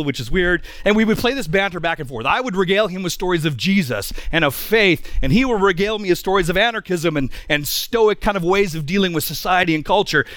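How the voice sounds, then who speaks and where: A middle-aged man preaching through a personal story, swinging widely in pitch as he talks. His voice sits fairly high for a man, and the sound is close and dry. He talks emphatically and often restarts his sentences. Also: dry recording. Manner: animated, emphatic, with frequent restarts. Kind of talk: storytelling sermon.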